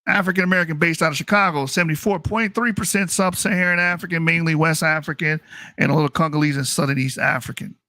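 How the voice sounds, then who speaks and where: A man's voice: a little high, fast talker, sharp tone, dry recording, clean studio sound. A man hosting a channel, giving blunt, mocking and profane commentary as he reacts to results on screen. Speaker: channel host.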